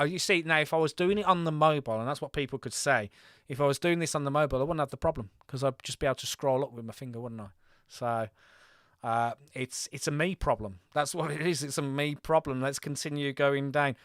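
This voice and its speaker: A man from Birmingham talks through a live strategy-game stream, reading scores aloud and chatting with his viewers. His voice is smooth and clean at a middling pitch. The sound is close and dry. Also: fairly quick, a bit bright, no echo. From Birmingham, England.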